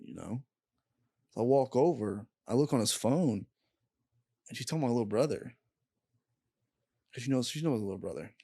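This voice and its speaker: A young man, a podcast guest, telling a painful personal story in a candid, halting way and swearing freely. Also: medium pitch, expressive, warm tone, breathy edge, no echo, clean studio sound. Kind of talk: casual storytelling.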